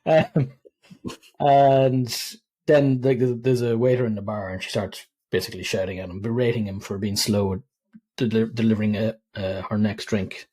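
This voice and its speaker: A man's voice: lowish voice, steady tone, normal speed, dark tone, husky. An Irish man co-hosting a podcast, chatting about a film, laughing easily and acting out quotes. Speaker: podcast co-host. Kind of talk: casual film review chat.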